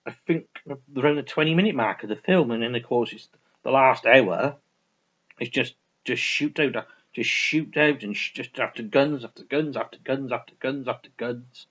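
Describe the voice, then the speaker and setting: A vlogger with a medium-pitched, slightly bright voice rambles through a casual film review, restarting sentences and swearing freely, captured on a dull lo-fi recording.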